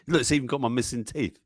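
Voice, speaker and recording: A man with a medium-pitched voice hosts an easygoing live-stream news program, chatting, reading memes aloud, chuckling often, and exclaiming over what he shows. The recording is clean studio sound with no room sound.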